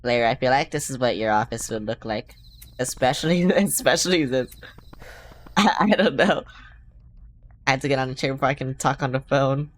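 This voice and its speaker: A woman's voice: a bass voice, expressive, moderate pace, pauses often, a little hiss or hum. A woman streamer playing a game, making casual, joking remarks with swearing and laughing asides. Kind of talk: casual let's-play commentary.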